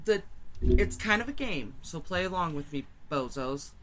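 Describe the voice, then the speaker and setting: A woman's voice: low voice, lively intonation, normal speed. A woman co-hosting a casual podcast, playful and jokey, chiming in with quips. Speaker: co-host.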